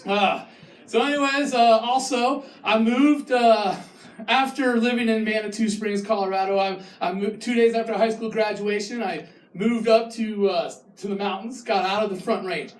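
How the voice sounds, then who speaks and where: A man doing a stand-up comedy set, ranting and mocking, breaking into shouted impressions. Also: high voice, steady tone, moderate pace, roomy sound, distant mic. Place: live comedy venue with an audience.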